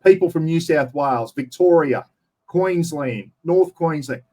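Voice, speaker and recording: A man's voice: a little high, a little slow, dark tone. An Australian man chatting casually as an interview guest, telling long rambling stories and saying "mate" all the time. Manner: rambling storyteller, says "mate" constantly.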